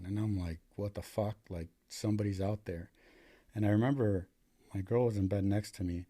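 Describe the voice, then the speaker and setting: Man, young adult, paramedic guest, casual storytelling, lots of "dude", mellow deep tone. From United States. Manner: profane, filler-heavy, says "dude" a lot.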